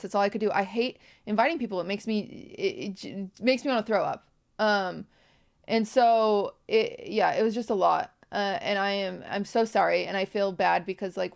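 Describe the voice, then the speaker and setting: A young woman streamer talks to her viewers on a livestream, tearful, rambling and apologetic in emotional talk. Her mid-range voice has vocal fry, and she speaks a little fast.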